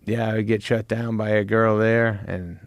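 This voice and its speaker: A middle-aged man with a low, gravelly voice, talking casually as a podcast guest. He tells stories loosely, swearing and laughing as he goes. The sound is close and dry. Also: flat delivery, moderate pace, dry recording.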